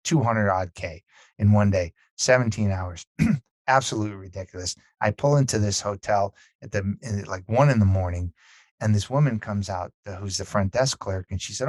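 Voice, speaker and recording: A man with a lowish voice speaks at a moderate pace, with no echo. Guesting on a casual podcast, he spins a lively story, voicing the lines people said.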